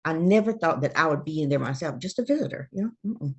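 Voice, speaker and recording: Talking fast in a deep voice over dull-sounding audio, a Georgia woman recounts her story as a casual interview guest. She acts out the voices of the people in it like an animated storyteller.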